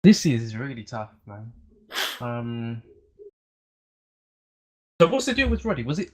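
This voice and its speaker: A man's voice: mid-range voice, big pitch swings, unhurried, low-quality recording. A young man co-hosting a podcast, chatting casually and working through his picks hesitantly. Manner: hesitant, thinks aloud with fillers. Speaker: podcast co-host. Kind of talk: casual chat.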